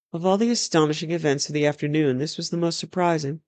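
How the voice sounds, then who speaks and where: A storyteller reading a fantasy novel aloud in a measured, even narration. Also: mid-range voice, dry recording.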